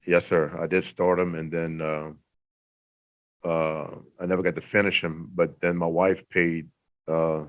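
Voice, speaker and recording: A man in his fifties, a parole applicant answering questions at a hearing, polite and halting. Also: deep voice, level tone. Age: 50s. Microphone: remote audio link from a prison. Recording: tinny phone-like remote line.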